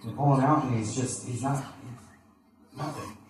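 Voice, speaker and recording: A man sharing a personal testimony with a live audience, speaking in an earnest, halting way and acting out the voices of the people in his story. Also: medium pitch, fairly even intonation. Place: large echoey room with an audience. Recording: echoey hall from far off.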